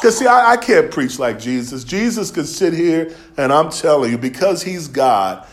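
His voice is a little high and sing-song, moving at a normal speed as he preaches. The sermon unfolds as casual storytelling, sprinkled with dialect and laughs.

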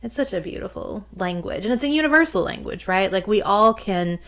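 A woman's voice: mid-range voice, lively intonation, a little fast, fairly bright tone. A woman chatting casually, with a loose, filler-heavy way of talking. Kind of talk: casual conversation.

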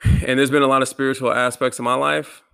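A man earnestly telling a personal story to camera, halting and restarting his words, with some swearing. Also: medium pitch, little pitch movement, gravelly, fairly bright tone, smooth. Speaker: vlogger.

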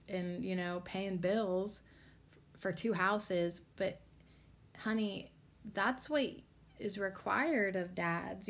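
A woman hosting a podcast and reading cards, rambling casually with lots of filler words and spiritual talk, sounding tired and low on energy.

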